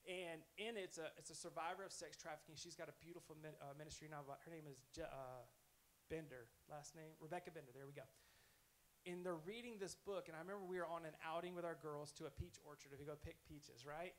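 A man's voice: fairly high pitch, fairly quick, a little hiss or hum, low-quality recording. A man preaching a sermon in a conversational, earnest storytelling way. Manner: conversational, earnest, self-correcting.

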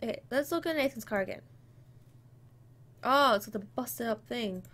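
A woman's voice: a little high, animated, normal speed, a bit bright. A young woman playing a game and commenting casually, muttering to herself as she works through puzzles. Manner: muttering to herself, spelling out letters. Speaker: gamer. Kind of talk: casual let's play commentary.

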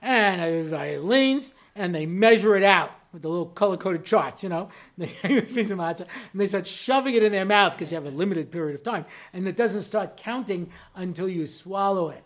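A man's voice: high-pitched, animated, fairly bright tone. A man, a rabbi, giving a humorous lecture, telling stories in a chatty way and checking whether his listeners follow him. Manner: joking storyteller who mimics people in quick exchanges; conversational, with frequent asides asking the listeners if they follow.

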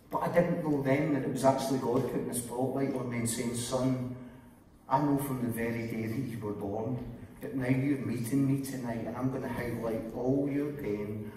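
A middle-aged Scottish man preaches his personal testimony, acting out each person in the story and often sinking into a hushed, low voice. He is heard from well back in a church hall, with a long, ringing reverb trailing every phrase and a faint room hum underneath. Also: fairly even intonation, moderate pace. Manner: storytelling, acts out quoted dialogue, often drops to a quiet low voice. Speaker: guest preacher giving testimony. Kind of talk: testimony sermon. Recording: very echoey hall, voice heard from far off.

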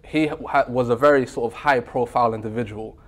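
A man's voice: mid-range voice, steady tone, brisk. Eager young male podcast host. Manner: eager, deferential, hedging with "I guess". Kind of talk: interview.

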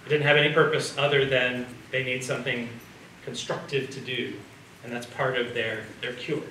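A man's voice: mid-range voice, flat delivery, moderate pace. A man giving a public lecture with slides in a conversational way, often checking in with the audience. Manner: conversational, asks the audience questions. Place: community hall or lecture room. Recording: roomy sound from a distance, faint background noise.

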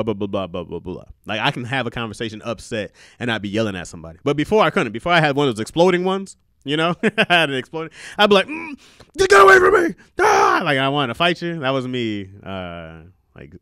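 A man's voice: medium pitch, sharp tone, clear, resonant tone, dry recording, clean studio sound. A man in his thirties hosting a podcast, talking loosely and profanely and laughing often. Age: 30s. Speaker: podcast host. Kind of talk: casual podcast chat.

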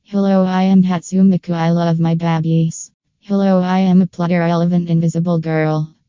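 A man voicing a doting teenage inventor girl in a cutesy high falsetto for a parody sketch. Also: flat delivery, normal speed, clear, resonant tone, dry recording, dull audio, close to an everyday voice. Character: doting gadget-mad teen inventor girl.

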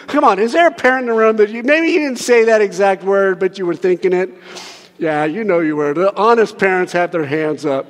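A man with a notably high voice preaches from a church sanctuary, his words trailing into a long reverberant hall. He talks to the congregation casually and with humour, dropping to quiet asides and rising to loud, urgent pleading. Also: a little fast. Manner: conversational and joking, swings from soft to loud pleading. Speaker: pastor. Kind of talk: sermon.

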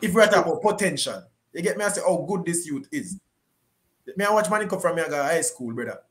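A man's voice: a little high, animated, quick pace. A Jamaican man on a discussion panel, speaking with passion and repeating his points.

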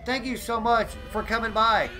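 A man giving excitable live gameplay commentary as a streamer, often exclaiming and greeting his chat. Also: high-pitched, moderate pace, soft background music, low-quality recording.

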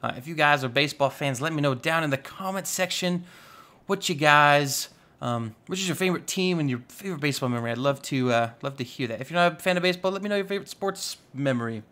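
A man's voice: on the high side, expressive, quick pace, bright, forceful tone. A man giving casual, chatty commentary while playing a modded block-building game, rambling with playful asides. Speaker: Minecraft YouTuber.

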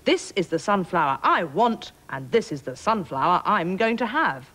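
A woman's voice: fairly low pitch, big pitch swings, moderate pace, fairly bright tone, rough recording. A woman voicing a pompous, stubborn storybook king who blusters and splutters.

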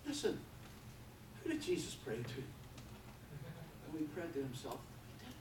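A man preaching a sermon with fervor, swinging from quiet talk to loud passages. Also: fairly high pitch, big pitch swings, normal speed. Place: church hall. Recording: echoey hall from far off with background noise.

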